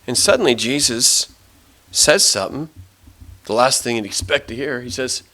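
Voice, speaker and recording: Bright-voiced preacher telling a dramatic story. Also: male voice, mid-range voice, moderate pace. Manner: animated, dramatic retelling. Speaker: pastor.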